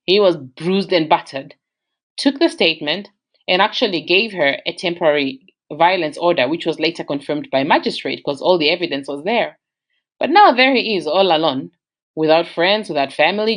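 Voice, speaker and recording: Australian woman storyteller, casual and animated, slightly low-pitched voice. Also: moderate pace. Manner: animated, conversational, shifts pitch for emphasis.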